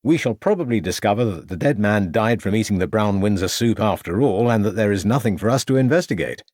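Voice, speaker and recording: A man voicing a brisk, authoritative Victorian police inspector in an audiobook reading. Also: fairly low pitch, lively intonation, a little mellow, no room sound, studio quality. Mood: dry. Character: stern, clipped Victorian male detective inspector.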